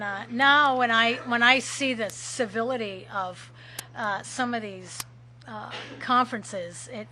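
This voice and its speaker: A middle-aged woman telling a lively personal story at a recovery meeting, laughing often and acting out shouts. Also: medium pitch, slight background noise. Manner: animated, laughing, acts out shouted quotes.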